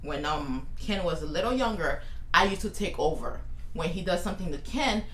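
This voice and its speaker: A woman's voice: fairly low pitch, animated, normal speed, a bit bright. A woman who co-hosts a casual talk show, a mother telling parenting stories firmly and with laughs. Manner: laughing, storytelling, firm about bedtime. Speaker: podcast co-host, mother. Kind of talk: casual chat. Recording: echoey room with faint noise.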